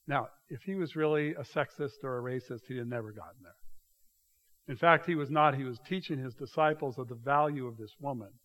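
A pastor giving a conversational sermon, animated and full of restarts, speaking to a church congregation. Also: male voice, mid-range voice, a little fast.

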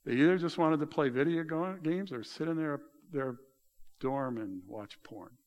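A middle-aged male pastor preaching a sermon, telling stories in an animated way and raising his voice high when he retells dialogue. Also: normal speed, dull audio. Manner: animated storytelling, voice rising high in retold dialogue.

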